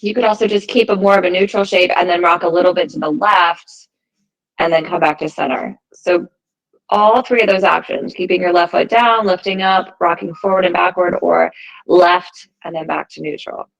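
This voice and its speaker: A woman teaching a yoga class, giving calm, encouraging cues timed to the breath. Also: on the low side, moderate pace, gravelly, low-quality recording. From United States. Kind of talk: guided yoga class instruction.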